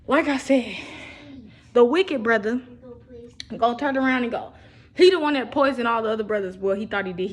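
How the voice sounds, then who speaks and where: Young woman, slightly high voice, profane, rambling, casual video monologue. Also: a bit bright. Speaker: vlogger.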